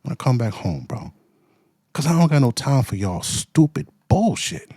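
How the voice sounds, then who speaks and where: A man's voice: mid-range voice, big pitch swings, normal speed, mellow, no room sound, clean studio sound. A man giving a heated, profane commentary rant full of slang, as the show's host. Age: adult with children. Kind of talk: ranting commentary.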